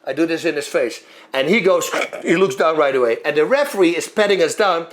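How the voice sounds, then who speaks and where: A former fighter telling a long story in a lively way, acting out moves and sounds as he goes. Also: on the high side, a little fast, few pauses. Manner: animated, acts out moves and sounds. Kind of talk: storytelling monologue.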